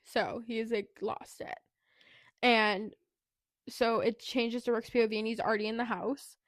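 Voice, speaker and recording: A woman's voice: on the high side, fairly even intonation, unhurried, no echo, studio quality. A woman co-hosting a podcast, casually retelling a book's plot in a chatty way, with plenty of "like" and "anyway". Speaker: podcast co-host. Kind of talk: casual book recap.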